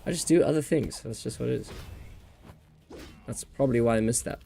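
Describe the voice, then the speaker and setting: A man's voice: medium pitch, a little fast, creaky, warm tone, faint music behind. A man with a New Zealand accent hosting a casual gaming livestream, rambling and joking as he talks and laughs often.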